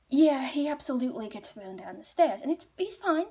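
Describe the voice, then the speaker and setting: A woman's voice: sits high, animated, fast, few pauses, dark tone, slightly rough. A woman storyteller retelling a folk tale casually, chatty and rambling, with many asides.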